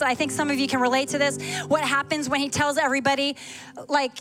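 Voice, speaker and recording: Woman preacher, high pitch, energetic sermon delivery, church service with music bed. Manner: fast, animated preaching with Scripture reading and quick asides. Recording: sermon with clear music behind.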